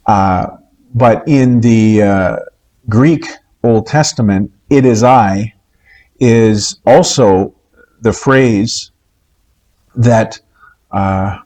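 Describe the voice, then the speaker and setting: Slow, measured male Bible teacher. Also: fairly low pitch, a little mellow. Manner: slow, measured, with frequent pauses and "uh" fillers. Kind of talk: recorded Bible lesson lecture.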